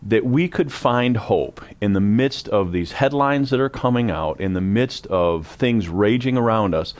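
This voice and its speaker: A man's voice: on the low side, lively intonation, a little slow. A man hosting a ministry talk show, earnestly encouraging the audience and prompting his guest. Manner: earnest, exhorts the audience directly.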